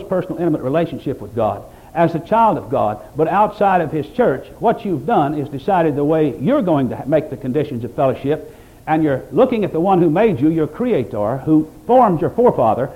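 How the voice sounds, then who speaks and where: A man preaching a sermon, rising to loud emphatic peaks and dropping to quiet reflective passages, quoting scripture in old-fashioned wording. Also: on the high side, sing-song, a little fast, muffled recording. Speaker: pastor.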